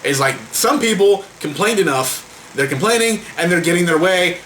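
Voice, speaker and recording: An exasperated man rants to his camera, swearing freely and stumbling over repeated words. His voice is bright and forceful, swings widely in pitch, and sits a little high. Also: lively intonation, moderate pace, slight background noise, low-quality recording. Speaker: vlogger. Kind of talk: heated rant to camera.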